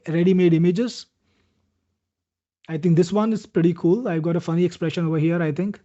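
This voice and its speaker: Male webinar host, high voice, pushy upbeat demo patter, slightly muffled audio. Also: warm tone. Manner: upbeat, salesy, addresses viewers by name. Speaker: webinar host demoing software. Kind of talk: live product demo answering viewer questions.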